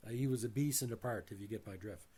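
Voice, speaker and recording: A man's voice: lowish voice, fast talker, breathy edge. A man hosting a movie review channel, reading off a bio and then giving his opinions, with frequent uh fillers and restarts. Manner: addresses viewers as ladies and gentlemen.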